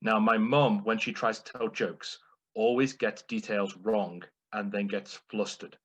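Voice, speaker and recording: A man's voice: fairly low pitch, fairly even intonation, fairly bright tone, poor audio. A man delivering a playful, humorous prepared speech at a speaking club. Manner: playful, deliberate.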